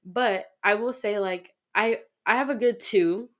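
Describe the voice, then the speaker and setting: A woman in her twenties, a podcast guest talking frankly in a casual chat, quick to laugh and full of "like". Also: medium pitch. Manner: chatty, frank, quick to laugh, heavy use of "like".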